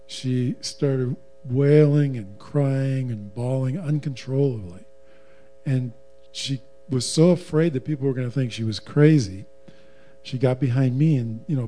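Dark-voiced man, wry storyteller. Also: medium pitch. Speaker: guest, husband, former professional musician. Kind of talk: casual personal storytelling.

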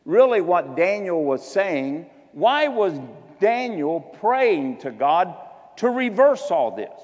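A man's voice: sits high, very animated, a little mellow. A man preaching a sermon, exhorting the congregation and stretching out key words for emphasis. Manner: exhorting, shifts between slow drawn-out emphasis and quick asides. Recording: long hall reverb.

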